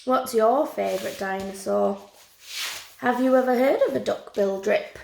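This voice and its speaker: A woman teacher reading a picture book aloud to children, telling the story slowly and expressively. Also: a little high, creaky, a little mellow, slight background noise. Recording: roomy echo.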